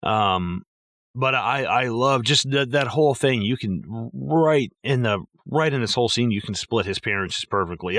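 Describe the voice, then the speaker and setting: A man's voice: medium pitch, animated, moderate pace, a bit bright, no echo, clean studio sound. A man co-hosting a podcast, talking casually and profanely about a film with lots of fillers. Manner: rambling and profane, with many fillers. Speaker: podcast co-host. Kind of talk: casual movie-review chat.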